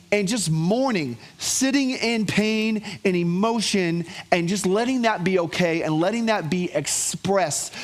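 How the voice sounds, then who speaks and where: A man preaching to his congregation, telling stories with animation and calling for responses from the room. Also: high-pitched. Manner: animated storytelling with call-and-response. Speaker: pastor. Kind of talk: sermon.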